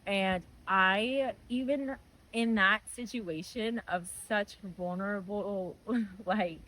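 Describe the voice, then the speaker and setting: A woman's voice: mid-range voice, slow, rough recording. A young woman giving a personal faith testimony in a conversational, earnest way. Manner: earnest, animated retelling with voiced quotes.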